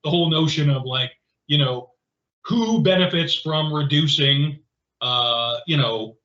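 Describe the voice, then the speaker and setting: Animated, rambling man with a bright voice. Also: on the high side, measured pace. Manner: rambling, animated, many fillers and restarts. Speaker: podcast co-host. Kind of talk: casual conversational chat. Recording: roomy, slightly dull podcast audio.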